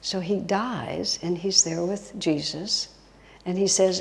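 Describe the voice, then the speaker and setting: A woman's voice: on the low side, slow pace, creaky. A woman giving a spiritual talk as a guest teacher, telling stories expressively and dropping to a whisper for emphasis. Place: retreat hall. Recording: long hall reverb.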